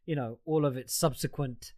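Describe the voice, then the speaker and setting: A man's voice: medium pitch, steady tone, warm tone. Chatty male podcast host, loose and jokey, on a video call. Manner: chatty, rambling, quick to joke. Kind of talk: casual chat.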